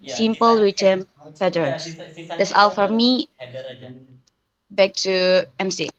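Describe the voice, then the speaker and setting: A woman's voice: mid-range voice, unhurried, a bit bright, muffled recording. A woman, a student presenter carefully reading numbered example sentences, stumbling now and then.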